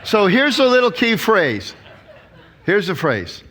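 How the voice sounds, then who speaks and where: A man's voice: high-pitched, slow pace. A man in his sixties, a pastor giving a conference talk, who tells stories and acts out the quotes. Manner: storytelling, animated, acts out quotes.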